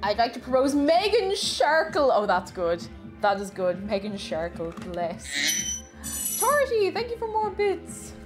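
A woman's voice: high voice, big pitch swings, measured pace, over music. Bubbly chatty woman streamer. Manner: bubbly, chatty, repeats her phrases, greets chatters by name. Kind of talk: casual live-stream chat while baking.

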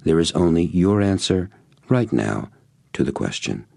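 A man voicing a calm, probing male mentor in an audiobook, patient and gently confronting. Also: low voice, a little slow, gravelly, dry recording, pitched above the performer's own voice, full character voice. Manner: calm, stern, patient questioning. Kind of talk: audiobook reading.

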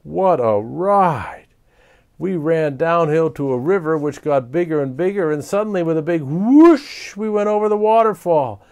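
A man reading a children's storybook aloud in an animated, expressive way. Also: a little high, normal speed. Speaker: storybook reader.

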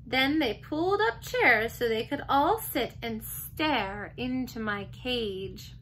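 A teacher reading a children's chapter book aloud, gentle and expressive. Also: female voice, a little high, slow pace, a little hiss or hum, low-quality recording. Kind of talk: storybook read-aloud.

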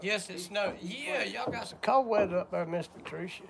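A man's voice: high-pitched, animated, moderate pace, vocal fry, a loud crowd. An older man from Georgia with a Southern accent, folksy and chatty, greeting viewers on a live stream while coughing from sore lungs. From Georgia, USA. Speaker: livestream host. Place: outdoors on a porch work site.

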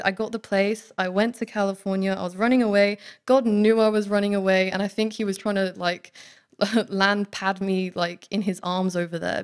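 A woman's voice: mid-range voice, smooth. A young woman giving a candid, earnest personal faith testimony in church, talking casually with many "like"s. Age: young adult. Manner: candid, earnest, heavy use of "like". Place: student living in Oxford.

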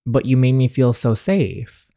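A man reading the lines of a tearful young woman confessing her love, in a soft, earnest voice. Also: medium pitch, lively intonation, measured pace, no room sound, studio quality. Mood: tender. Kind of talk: reading game dialogue aloud.

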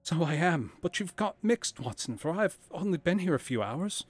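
A man's voice: on the high side, big pitch swings, moderate pace, slightly rough, voice pushed up. A man voicing a drug-dazed, frantic young man who talks in a shaky, pleading way, over faint background music.

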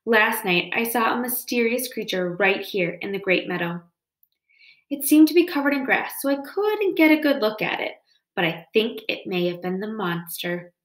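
A woman's voice: big pitch swings, moderate pace, lightly acted. A woman reading aloud and voicing a fussy male owl that hoots and screeches in alarm. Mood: announcing. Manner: hooting, shrill exclamations. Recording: roomy echo.

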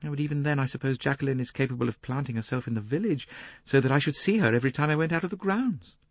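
A man's voice: medium pitch, very fast, no room sound, voice pushed up, lightly acted. A man reading an audiobook voices a proud, defensive rich young English woman, clipped and indignant. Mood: pleading.

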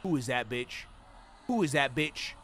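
A young man streaming a horror game, reacting loudly with swearing, sudden shouts and jokes at his chat. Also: mid-range voice, unhurried, a little hiss or hum. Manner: loud, profane, excitable reactions with sudden shouts; trash-talking, joking with chat. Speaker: gaming streamer. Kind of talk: livestream gameplay commentary.

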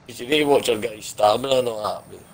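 A man streaming a shooter game, chatting in an excitable, sweary way. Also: mid-range voice, fast, creaky, a little hiss or hum. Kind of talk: casual live gaming commentary. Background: game music and gunfire.

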